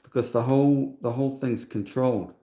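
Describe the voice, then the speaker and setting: A man in his sixties rambles through a casual livestream monologue, scornful and full of asides. His voice sits mid-pitched with a dark, mellow tone. The room gives it a noticeable echo. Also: steady tone, fairly quick. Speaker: livestream host.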